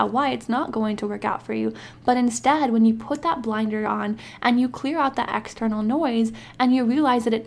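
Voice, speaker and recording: Upbeat young woman with a bright-pitched voice. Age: 20s. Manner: upbeat, emphatic and encouraging. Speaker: podcast host. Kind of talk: motivational podcast monologue.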